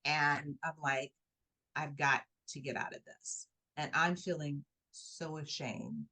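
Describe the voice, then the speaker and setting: A woman guest on an interview show, telling a personal story in conversation and acting out the people in it with her voice. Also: slow pace. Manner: animated, acts out quoted voices with rising pitch.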